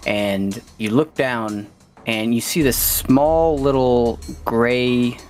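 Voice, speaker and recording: A man narrating as game master, relaxed and rambling with plenty of fillers. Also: medium pitch, takes it slowly, faint music behind.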